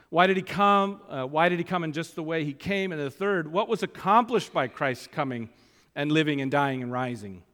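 A man's voice: mid-range voice, a bit bright. A man preaching a sermon, repeating key phrases for emphasis and reading scripture aloud with mounting force. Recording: long hall reverb.

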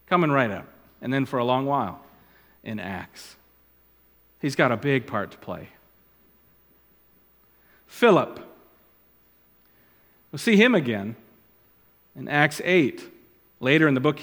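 A male pastor in mid-range voice gives a relaxed, conversational sermon, drifting into quiet asides before picking the point back up. His voice carries the long reverb of a large church hall. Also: medium pitch. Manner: conversational, digressive, trails off into asides.

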